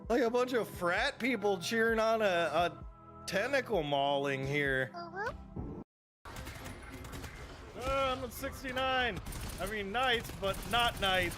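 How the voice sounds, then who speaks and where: A young man with a stuffy nose, streaming a game and joking, rambling and reacting loudly as he plays. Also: sits high, lively intonation, a little slow, over music. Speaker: livestreamer. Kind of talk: casual live gameplay commentary.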